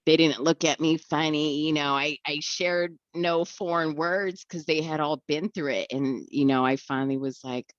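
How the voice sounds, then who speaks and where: A woman's voice: sits low, steady tone, moderate pace, hardly any pauses, dry recording, dull audio. A young woman tells her recovery story in a candid way, acting out the voices of the people she quotes and often laughing.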